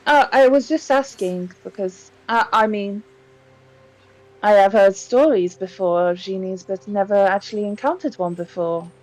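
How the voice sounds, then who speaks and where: A woman playing a tabletop game, asking slow, hesitant questions. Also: medium pitch, darkish tone, rough recording. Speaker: player.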